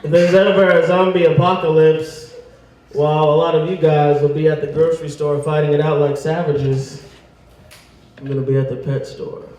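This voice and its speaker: Man, stand-up comedian, high voice, deadpan setups, roomy echo. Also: moderate pace. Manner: deadpan setups, then animated acted-out voices. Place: comedy venue stage with audience. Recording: echoey room, mic from a distance.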